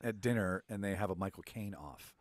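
A man's voice: low-pitched, a little fast, slight background noise. A man hosting a casual podcast chat, leading the game, swearing and laughing easily. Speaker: podcast host.

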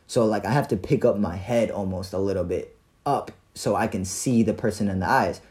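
A young man casually telling a story about his day, animated and profane, full of slang and fillers. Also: on the low side, a little fast.

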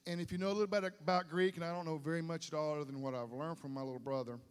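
Folksy preacher man, booming hall. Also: steady tone, racing, clean tone. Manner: folksy, repeats himself, builds to emphatic peaks. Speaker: pastor. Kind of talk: sermon. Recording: long hall reverb.

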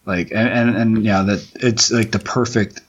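Deep husky man talking comics. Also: fairly even intonation, lo-fi sound. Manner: rambling, halting, many restarts and fillers. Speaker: comic book writer. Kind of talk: commentary track, casual chat.

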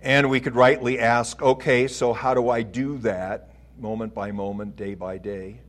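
A middle-aged man preaching a sermon, slow and deliberate, building to emphatic swells. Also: mid-range voice, steady tone, fairly bright tone.

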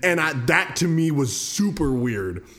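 A man hosting a casual true-crime podcast, telling the case and then giving his opinion in a loose, animated way with swearing. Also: unhurried. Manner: animated, swearing, jumps into high mocking voices. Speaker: podcast host.

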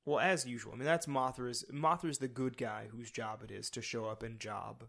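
Male co-host, gravelly tone, rambles and second-guesses himself. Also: medium pitch, steady tone, moderate pace, a bit bright. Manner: hesitant, restarts, rising questions. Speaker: podcast co-host. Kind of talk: casual chat.

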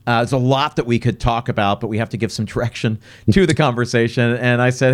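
A man's voice: medium pitch, fairly even intonation, fast. A middle-aged man hosting a podcast interview, chatting casually and lifting his voice when he asks questions. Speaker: podcast host.

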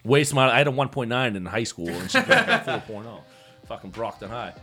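Animated young man rambling. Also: medium pitch, fairly quick, faint music behind. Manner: rambling, animated storytelling with many restarts. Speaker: podcast co-host. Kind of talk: casual podcast chat.

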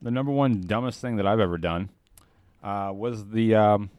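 A man's voice: fairly low pitch, moderate pace, a little mellow, clean tone, no room sound. A young man co-hosting a podcast, reacting to stories with laughs and blunt remarks. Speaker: podcast co-host. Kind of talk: casual chat.

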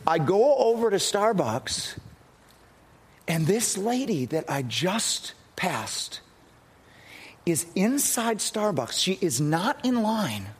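A man's voice: high-pitched, slightly rough. A middle-aged male pastor telling a personal story in an earnest sermon, often restarting his sentences.

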